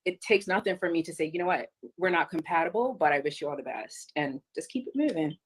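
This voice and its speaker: A woman in her forties, a guest on a dating show, speaking calmly and matter-of-factly. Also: on the low side, fast, breathy edge. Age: 40s. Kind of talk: casual interview talk.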